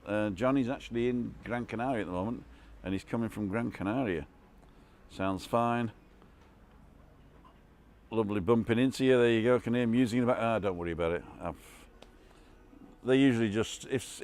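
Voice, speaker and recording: A man's voice: lowish voice, darkish tone. An older man rambling casually through a live stream from an outdoor bar terrace, reading out comments with many restarts and asides.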